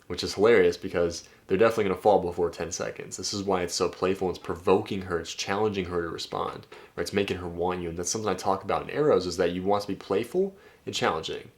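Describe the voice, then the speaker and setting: A man's voice: deep voice, fast. A man working as a dating coach, reading out text messages and commenting on them in a loose, chatty way, with some swearing and a frequent "right?". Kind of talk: casual commentary reading out texts.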